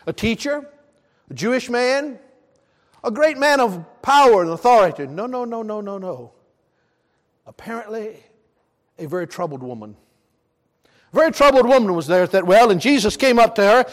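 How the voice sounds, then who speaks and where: A man with a Southern US accent preaching a sermon, emphatic, counting off his points and asking the congregation questions. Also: very high voice. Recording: long reverb of a large hall.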